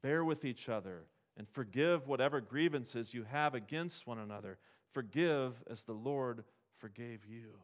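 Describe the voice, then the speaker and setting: A man preaching a sermon in a conversational way, asking the congregation rhetorical questions and building to emphatic high points. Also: unhurried, hardly any pauses. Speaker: pastor.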